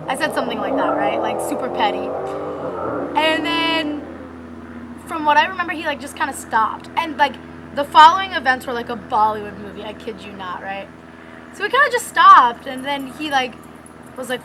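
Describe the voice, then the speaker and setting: A young woman vlogger telling a personal story in a casual, animated way, with lots of fillers and frequent laughs. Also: high-pitched, normal speed, a little hiss or hum.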